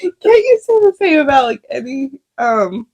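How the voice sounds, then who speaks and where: A woman's voice: sits high, very animated, normal speed, a little mellow. A woman co-hosting a podcast in casual chat, giggly and blunt, swearing between laughs. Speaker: podcast co-host.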